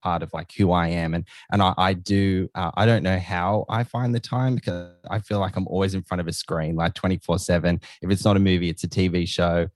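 Upbeat australian guy on a podcast, real deep voice, dry close sound. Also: fairly even intonation, brisk, few pauses, a little mellow, no room sound. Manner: enthusiastic, rambling. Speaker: podcast co-host, guest. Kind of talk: casual podcast chat.

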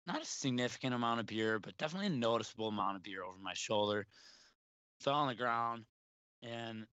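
A man's voice: mid-range voice, a bit bright, no echo. A young man telling a long, rambling story in casual chat, laughing often and restarting his sentences. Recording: dry, dull lo-fi sound.

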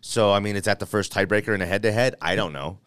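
A man hosting a casual sports talk show, debating playoff chances in an animated, playful way and thinking out loud. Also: lowish voice, quick pace, clean tone, no echo.

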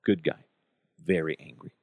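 A man's voice: moderate pace, no echo. A middle-aged American man hosting a casual solo podcast, joking and ranting with plenty of profanity. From United States. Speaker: podcast host.

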